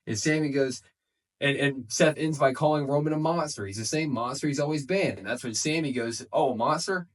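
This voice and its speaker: Animated male podcaster, a bit off-mic. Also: medium pitch, a little fast, distant mic. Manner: animated storytelling, acting out quotes. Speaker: wrestling podcast co-host. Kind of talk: casual podcast recap.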